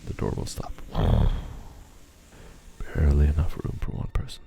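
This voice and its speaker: A man narrating a tabletop game as game master, describing scenes in a measured way with soft near-whispered asides. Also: extremely low pitch, flat delivery, creaky, over loud music.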